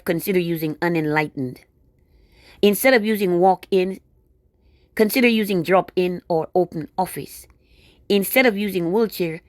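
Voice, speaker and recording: A woman's voice: lowish voice, no room sound. A woman delivering a casual, indignant monologue straight to her viewers, full of sarcastic asides. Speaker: video blogger.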